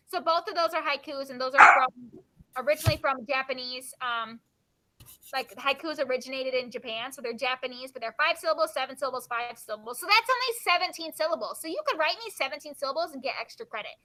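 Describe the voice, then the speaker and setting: A woman teacher reading poems aloud to her class and quizzing her students with quick questions. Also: sits high, animated, bright, forceful tone.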